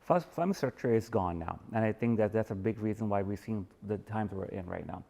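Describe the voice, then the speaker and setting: A man's voice: on the low side, fairly quick, creaky, mellow. A man hosting a podcast interview, stuttering on some words and restarting as he asks questions. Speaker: podcast host.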